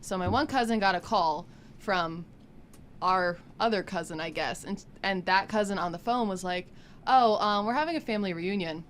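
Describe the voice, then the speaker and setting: A young woman tells a story on a college radio show, talking casually and acting out the quotes with lots of drama. Her pitch sits in an ordinary middle range. There is a faint hiss of noise behind her in the studio. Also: normal speed. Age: young adult. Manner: animated storyteller, acts out voices. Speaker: college radio e-board member.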